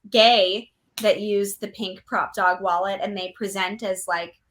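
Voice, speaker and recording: A woman's voice: mid-range voice, steady tone, unhurried, fairly bright tone. Young woman, chatty, lots of likes and ums, magician guest. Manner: chatty, many likes and ums, laughing asides. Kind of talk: casual interview chat.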